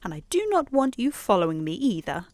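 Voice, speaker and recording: A woman's voice: mid-range voice, big pitch swings, a little fast, no room sound, close to an everyday voice. A woman voicing a weepy little schoolgirl. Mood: cross. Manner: petulant, weepy, pleading. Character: tearful little girl on her way to school. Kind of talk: bedtime story reading.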